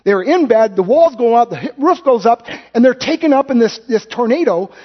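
A man preaching a sermon, telling folksy stories with acted-out quotes and quick self-corrections. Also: very high-pitched, lively intonation. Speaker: pastor. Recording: dull lo-fi sound.

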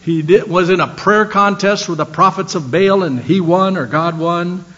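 Older man, sermon, storytelling preacher, fairly high voice, dull lo-fi recording. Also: normal speed. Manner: storytelling, swinging from animated to soft and low. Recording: dull lo-fi sound.

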